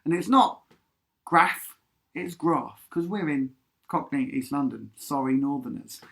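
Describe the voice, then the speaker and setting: A man's voice: medium pitch, lively intonation, normal speed, vocal fry. A man leading a live-streamed sing-along lesson, chatty and encouraging, breaking into song now and then. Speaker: music leader of a sing-along. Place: home in Havering. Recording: guitar music behind the voice. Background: guitar playing.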